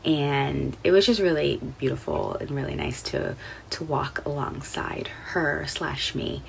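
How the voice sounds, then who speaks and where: A woman in a fitness program sharing her highs and lows in a candid, matter-of-fact way. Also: unhurried, gravelly, a little hiss or hum. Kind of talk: casual video testimonial.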